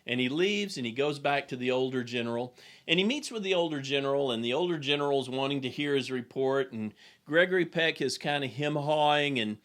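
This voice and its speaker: Man, executive coach, recorded business lesson, earnest, plain, direct, mid-pitched voice. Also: a bit bright.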